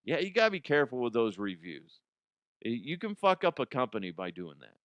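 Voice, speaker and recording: Man, comedy news host, casual rambling chat, curses a lot, clear resonant voice. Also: medium pitch, big pitch swings, a little fast, fairly bright tone, no room sound, highs cut off. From Colorado, USA. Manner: swears freely, restarts and trails off.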